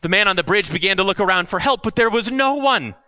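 A man reading a parable aloud in a measured, deliberate way. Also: high-pitched, expressive, no room sound, highs cut off. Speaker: storyteller.

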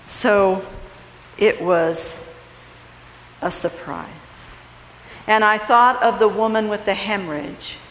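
A middle-aged woman giving a personal testimony from a church, telling her story in a slow, heartfelt way. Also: medium pitch, echoey room, long reverb tail, a little hiss or hum, low-quality recording. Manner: storytelling, slow and heartfelt, lively in funny parts. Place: church sanctuary.

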